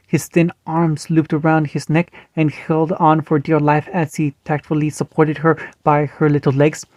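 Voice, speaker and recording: A man reading fan fiction aloud, steady but with small slips and restarts. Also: fairly high pitch, dry recording. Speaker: story reader.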